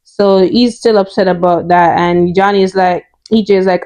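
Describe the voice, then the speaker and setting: A woman's voice: fairly low pitch, steady tone, moderate pace, few pauses, mellow. A woman in her thirties chatting through a casual soap opera episode recap, opinionated and full of "you know" and "right?". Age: 30s.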